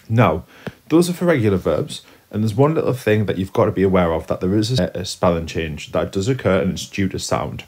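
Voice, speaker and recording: A man's voice: sits low, a little mellow, husky. A man teaching Spanish grammar to students, explaining patiently step by step as he writes on a board. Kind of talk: classroom lesson at a whiteboard.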